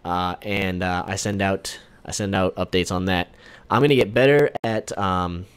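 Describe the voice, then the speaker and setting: A young man streaming a video game, chatting casually and rambling, breaking into sudden excited shouts and swearing. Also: low-pitched, normal speed, smooth. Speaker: gaming streamer. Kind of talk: casual live-stream chat.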